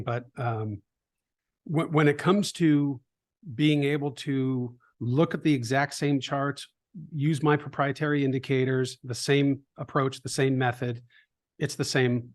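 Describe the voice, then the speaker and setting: A middle-aged man in a conversational interview, an animated storyteller who acts out quoted voices, with frequent restarts. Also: medium pitch. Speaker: trading educator, guest.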